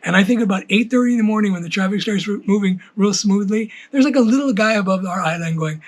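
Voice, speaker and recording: Older man, high for a man, loose rambling stand-up with stop-start phrasing. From Hawaii. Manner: rambling with halting restarts. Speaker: comedian. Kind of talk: stand-up routine.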